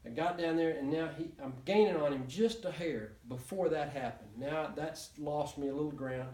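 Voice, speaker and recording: Man, rambling storyteller, somewhat high voice, echoey room, distant mic. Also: moderate pace, a little mellow. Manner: rambling, with many restarts and chuckles. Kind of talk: casual storytelling to a small group.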